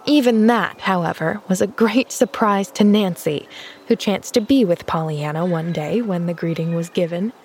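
A woman reading a classic novel aloud as narrator, in an even, measured way. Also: fairly low pitch, slight background noise. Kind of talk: scripted narration.

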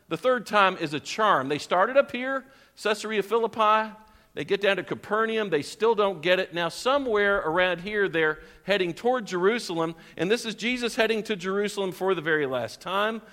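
A man preaching a sermon to his congregation in a church, animated and quizzing his listeners as he goes. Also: sits high, big-room sound. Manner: animated, questions the congregation, chuckles often. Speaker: pastor. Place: church sanctuary.

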